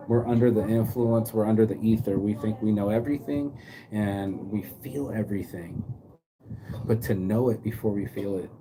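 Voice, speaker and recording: Medium-pitched and heard against a noisy background, this man from California's Bay Area streams live from his phone while walking outdoors. His motivational talk rambles, loose, slangy, and profane.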